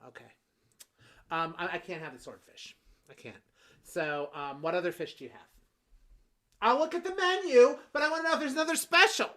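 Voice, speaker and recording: A woman's voice: medium pitch, brisk, long pauses, lightly acted. Woman playing a fussy demanding date. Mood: fussy, bossy. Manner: stammering, bossy, flares into shouting. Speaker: improviser. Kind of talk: improvised comedy scene.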